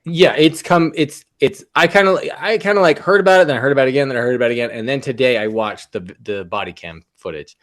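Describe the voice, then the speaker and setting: Podcast guy, kinda halting, restarts a lot. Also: mid-range voice, fairly bright tone. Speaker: podcast co-host. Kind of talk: casual podcast discussion.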